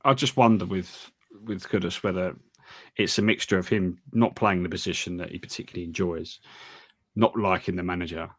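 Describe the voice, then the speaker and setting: A man co-hosting a casual football podcast, talking in a wry, halting way with frequent restarts. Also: low-pitched, steady tone, a bit bright. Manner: wry, hesitant, trails off and restarts. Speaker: podcast co-host.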